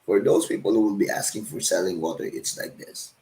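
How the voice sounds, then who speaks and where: A man's voice: lowish voice, lively intonation, a little fast, a little mellow, slight background noise, low-quality recording. A man with a Cebuano Filipino accent, a street vendor explaining his selling calls to viewers in a casual way, often asking "right?". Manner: ends sentences with "right?" and "guys".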